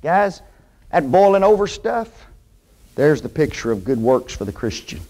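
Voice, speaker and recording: A man teaching a Bible class sermon in a church, folksy and animated, often asking the class questions. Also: medium pitch, moderate pace. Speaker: preacher.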